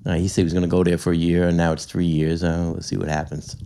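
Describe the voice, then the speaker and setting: An older man, a veteran guest, telling stories in a halting, rambling way, his voice cracking a little. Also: low voice, level tone, gravelly, warm tone, smooth. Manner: rambling, halting storyteller with many restarts. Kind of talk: conversational interview.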